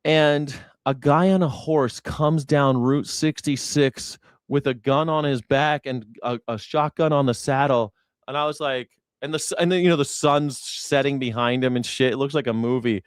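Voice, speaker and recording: A man's voice: medium pitch, normal speed, clean tone, no echo, studio quality. A man hosting a news reaction show, rambling in a casual, profane way and laughing often. He grew up in the United States. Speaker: host.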